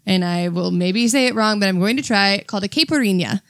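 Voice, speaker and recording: A woman's voice: mid-range voice, fairly quick, a bit bright, no room sound. A woman co-hosting a casual chat podcast, telling a rambling anecdote and laughing often. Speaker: podcast co-host.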